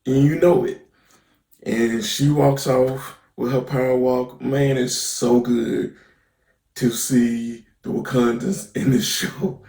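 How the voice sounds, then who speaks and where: A man's voice: mid-range voice, level tone, takes it slowly, darkish tone, reverberant. A man giving a casual, slangy recap of a TV episode as a reviewer, full of "basically" and "right?". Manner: slangy, conversational, with many fillers like "basically" and "right?".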